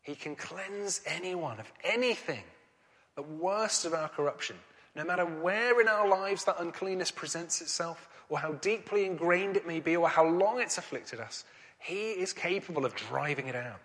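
A man's voice: on the high side, animated, moderate pace, fairly bright tone, big-room sound. A man preaching a sermon, earnest and rising to emphatic questions.

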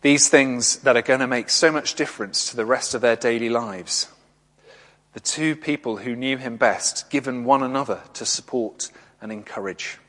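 A man preaching a gentle, reflective sermon, speaking in short pauses. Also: medium pitch, big-room sound. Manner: gentle, reflective, pausing often.

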